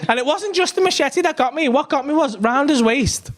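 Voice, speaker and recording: This male comic has a very high-pitched voice and talks fairly quickly. Performing stand-up at a comedy club, he swears plenty, stays animated, and cracks up at the story he's telling.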